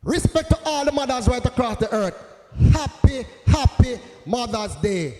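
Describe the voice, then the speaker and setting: A man with a Jamaican accent, a reggae deejay hyping up the audience in a shouted, rhythmic toasting style. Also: very high voice, big pitch swings, moderate pace. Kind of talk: hyping a crowd before a song. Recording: echoey, loud music behind.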